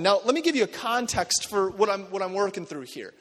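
A man pastor preaching a sermon in a church, animated and conversational, acting out quotes as he goes. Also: sits high, fairly quick, hardly any pauses, in a large hall. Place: church sanctuary.

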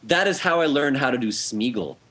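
Brief: male guest co-host, mid-pitched, very lively pitch swings, animated and teasing, studio chat. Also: brisk, poor audio. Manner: animated, teasing, self-described foul-mouthed. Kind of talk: casual live show chat.

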